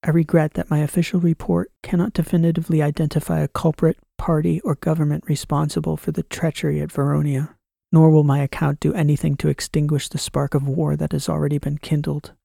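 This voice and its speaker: A man reads a science fiction audiobook in the first person, measured and dramatic. His voice is gravelly and somewhat high for a man, and the sound is dry and close with no room echo. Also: flat delivery, mellow. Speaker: audiobook narrator. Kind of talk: scripted first-person narration.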